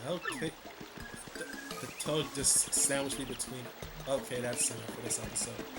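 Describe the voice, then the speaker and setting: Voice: mid-range voice, normal speed. A person casually commentating on a video game playthrough, with wry offhand remarks. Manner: offhand, wry, reads text aloud. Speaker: gameplay commentator. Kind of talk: casual let's-play commentary. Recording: game music playing behind.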